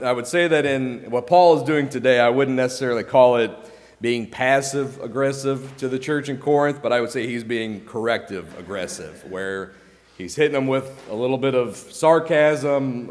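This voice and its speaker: A man preaches in a relaxed, conversational way, often stopping to correct himself and checking in with the congregation. His mid-pitched voice carries a long reverb tail from the church room around him. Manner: conversational, self-correcting, uses "okay?" and "like" often. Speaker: pastor. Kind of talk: casual sermon. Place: church sanctuary.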